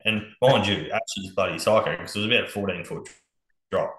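An Australian man spinning yarns as a podcast guest, his voice bright and forward in a roomy space. He talks in a laid-back way, swearing freely and chuckling along. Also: deep voice, fairly quick. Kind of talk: casual storytelling on a podcast.

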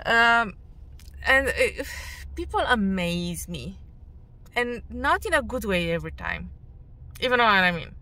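A woman in her thirties, a radio presenter, talking frankly and loudly in a personal vlog; English is not her first language. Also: on the high side, animated, slow pace, pauses often. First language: Romanian. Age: 30s. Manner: loud, emphatic and frank.

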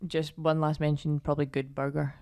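A woman's voice: sits low, level tone, brisk, darkish tone. A young woman co-hosting a podcast, chatting casually and often trailing off with "I don't know". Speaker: podcast co-host. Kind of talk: casual chat.

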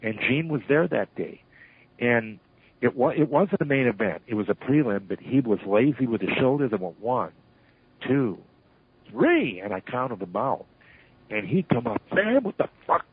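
A man's voice: mid-range voice, moderate pace, breathy edge. Older man telling stories over a tinny phone line. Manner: animated storyteller who acts out shouted quotes. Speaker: retired wrestling referee, interview guest. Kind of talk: storytelling interview.

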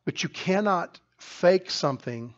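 A middle-aged man, the pastor, preaching a sermon loudly and emphatically, often restarting his sentences. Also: high voice, lively intonation, measured pace, muffled recording. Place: church sanctuary.

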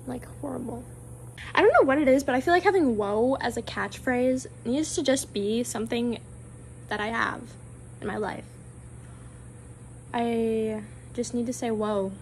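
A young woman chatting casually in a vlog, full of fillers and swearing, slipping into whispers then growing loud and excited. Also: fairly high pitch, vocal fry, slight background noise, rough recording. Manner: heavy filler and frequent swearing. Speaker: vlogger. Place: at home and outdoors.

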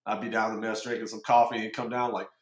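Profane, animated man in an echoey room. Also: on the low side, fast. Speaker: podcast host. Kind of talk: casual interview chat.

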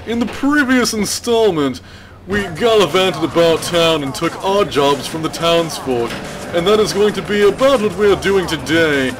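A man putting on a stuffy mock-English gent, slow and posh. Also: a crowd in the background, close to an everyday voice. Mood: pompous. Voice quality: put-on deep posh drawl. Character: pompous mock English gentleman narrator.

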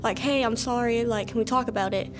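A young woman, a grieving sister, speaking quietly and subdued in a documentary interview, often saying "like". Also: fairly high pitch, steady tone, brisk, music in the background.

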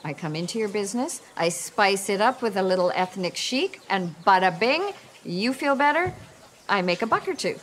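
A woman's voice: medium pitch, expressive, moderate pace, a bit bright, slight background noise. A woman playing a brash, salesy business consultant in a comedy sketch. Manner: brash, salesy, switches between two voices.

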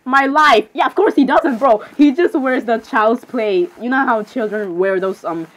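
A young woman chatting casually to her viewers while browsing pictures, giggling often and breaking into excited exclamations. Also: fairly high pitch, normal speed, poor audio. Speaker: video creator.

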